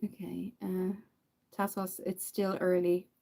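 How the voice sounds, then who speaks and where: Irish woman host, mellow low-ish voice, chatty live makeup talk with lots of fillers. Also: level tone, takes it slowly, creaky. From Ireland. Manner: chatty, answers viewer comments, many fillers. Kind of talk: casual live chat while doing makeup.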